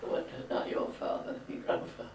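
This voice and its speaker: A woman's voice: moderate pace, darkish tone, slight background noise. Elderly woman, chatty storyteller with firm opinions; echoey home-video sound, distant mic. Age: older. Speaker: grandmother being interviewed. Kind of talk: reminiscing casual chat. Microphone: camcorder mic. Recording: echoey room, far from camcorder mic.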